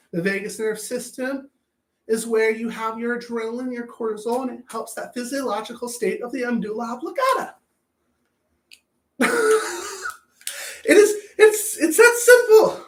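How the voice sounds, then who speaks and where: A man's voice: very high voice, a bit bright. A man coaching anger management in a blunt, profane self-help talk, often repeating words as he thinks. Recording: roomy echo.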